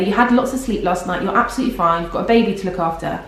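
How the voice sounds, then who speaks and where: Racing along at a medium pitch, a tired young pregnant woman chats in a casual vlog, rambling and being self-deprecating. The room around her is very echoey.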